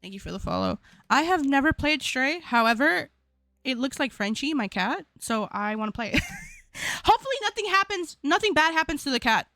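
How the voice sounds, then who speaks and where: High-voiced chatty young woman streamer. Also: animated, fairly quick, bright, forceful tone, dry recording. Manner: chatty and rambling, repeats herself. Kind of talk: casual stream sign-off chat.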